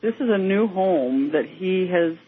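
A man's voice: high voice, animated, unhurried. A man joining a phone interview as a guest, chiming in briefly. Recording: tinny phone line with faint noise.

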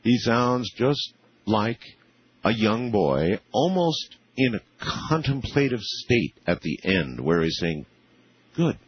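A man's voice: on the low side, very animated, takes it slowly, slightly rough. A man hosting a radio talk show, interviewing guests and reacting with amazement, often restarting his sentences. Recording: muffled lo-fi radio audio.

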